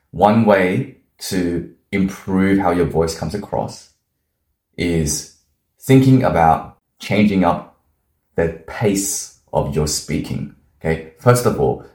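A man giving a voice lesson in a deliberate way, showing each change with his own voice. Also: low voice, a little mellow. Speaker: voice coach. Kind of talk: instructional talk. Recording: echoey room.

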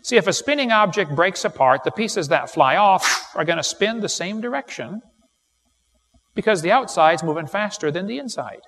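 A middle-aged man giving a live seminar lecture, telling folksy stories and firing off quick jokes to a live audience. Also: high-pitched, lively intonation, fairly bright tone. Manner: folksy, wisecracking, quick storytelling with punchlines. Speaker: creation seminar speaker. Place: large hall with live audience. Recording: live recording in a reverberant hall.

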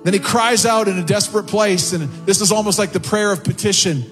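High-voiced male pastor preaching. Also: fairly quick. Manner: impassioned preaching, rising in pitch on quotes and prayers. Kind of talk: sermon. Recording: long hall reverb with faint music behind. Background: soft music.

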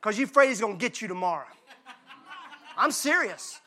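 A male pastor from Mississippi, preaching a lively, joking, conversational sermon. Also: high-pitched, a little fast. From Mississippi, USA.

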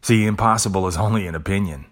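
A man's voice: sits low, fast. A man hosting a podcast, giving a profane, preachy motivational monologue. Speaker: podcast host.

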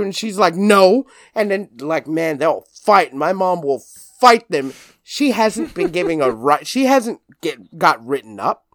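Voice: medium pitch, big pitch swings, slow pace, dry recording, clean studio sound. A podcast guest telling a long story in casual chat, rambling, swearing freely and leaning on "like", acting out what other people said.

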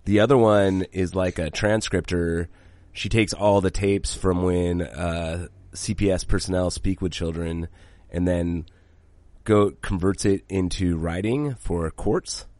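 A man with a very low voice co-hosts a casual podcast. He talks bluntly, swears freely, and rambles through restarts. The recording is close and dry. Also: steady tone, a little slow, a little mellow, no room sound. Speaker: podcast co-host. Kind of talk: casual chat.

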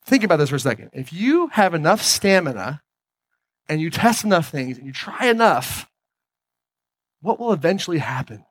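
An energetic man speaking from a stage, his voice sitting a little high for a man. He keeps turning to the audience with quick questions. The sound is dry, with almost no room around it. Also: dry recording. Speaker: motivational speaker. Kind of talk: live motivational talk on stage.

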